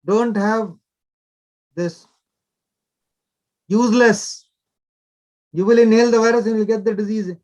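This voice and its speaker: Older male doctor, high voice. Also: steady tone, a little slow, long pauses, a little mellow. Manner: instructive, short repeated directives. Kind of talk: explanatory interview talk.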